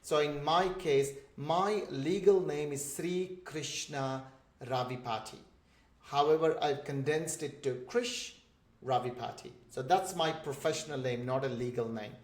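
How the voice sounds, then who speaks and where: A man's voice: on the high side, measured pace, few pauses, a little mellow. Indian man in an echoey room. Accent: Indian English. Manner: patient, explanatory, spells out examples. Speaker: instructor for migrant job seekers. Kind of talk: online course lesson.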